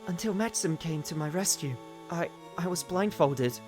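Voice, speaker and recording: Man reading as frightened maiden, young woman, high pleading voice, faint music behind. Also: lively intonation, moderate pace, natural voice. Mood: anxious.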